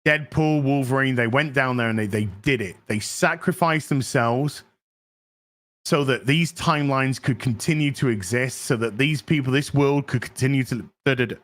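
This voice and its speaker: Bright-voiced man recapping a film. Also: medium pitch, normal speed. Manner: excited, profane storytelling with many fillers. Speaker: podcast host. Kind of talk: casual movie recap chat.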